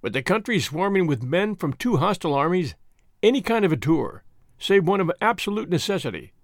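A man voicing a grave, formal general who speaks deliberately. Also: high voice, sing-song, dry recording, clean studio sound. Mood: stern. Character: stern, measured male general, middle-aged.

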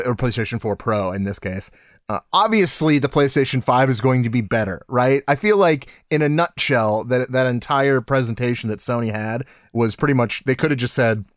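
A man co-hosting a casual gaming podcast, laughing often and acting out quotes in a lively voice. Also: mid-range voice, no room sound, studio quality. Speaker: podcast co-host.

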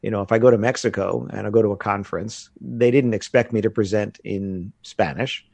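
An American man talking casually in an interview, telling animated stories about learning a language. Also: fairly low pitch, a little fast, vocal fry, no room sound. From United States. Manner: animated storytelling with laughs. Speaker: guest. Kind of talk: casual conversation.

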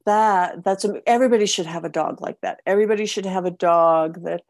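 A woman interviewer asking quick, encouraging follow-up questions. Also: lowish voice, a little mellow, no echo, studio quality. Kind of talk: casual interview.

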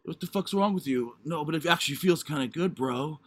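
A man putting on the voice of a macho young straight bro, loud and swearing, in a comic role-play retelling. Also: fairly high pitch, fairly quick, very noisy, lightly acted. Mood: angry. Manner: loud, swearing, tough-guy drawl.

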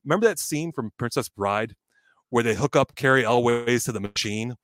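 A man's voice: medium pitch, normal speed, no echo. A middle-aged man telling a funny story in casual chat, acting out the other people's lines and swearing now and then. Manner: animated, acts out quoted voices, swears.

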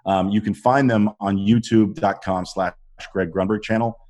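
A middle-aged man, an actor, telling animated stories in a casual interview and acting out what people said. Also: on the low side, moderate pace. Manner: animated storytelling, acts out quotes. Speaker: actor guest.

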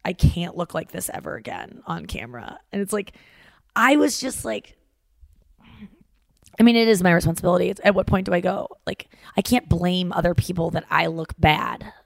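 Gravelly woman chatting animatedly. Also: fairly low pitch, moderate pace, dry recording. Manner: animated storytelling with lots of fillers and voiced quotes. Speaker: podcast host. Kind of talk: casual chat.

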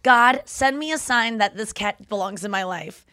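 A woman co-hosting a casual comedy podcast, telling profane, lively stories with acted-out quotes. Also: medium pitch, normal speed, dry recording, clean studio sound. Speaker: podcast co-host; stand-up comedian.

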